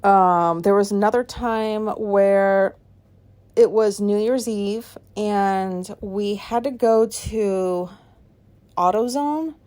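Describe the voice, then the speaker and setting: A woman's voice: medium pitch, slow pace, darkish tone. Candid, rambling woman telling stories. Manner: rambling and candid, swears a lot, laughs at herself. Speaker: podcast host. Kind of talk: casual personal storytelling.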